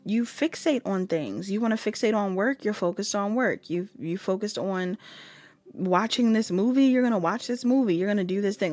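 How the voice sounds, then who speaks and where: A woman's voice: mid-range voice, moderate pace, darkish tone, no room sound, soft background music. A young woman with features giving a casual tarot reading, chatty and laughing often. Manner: chatty, laughs often, drops into whiny quoted voices. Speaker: tarot reader.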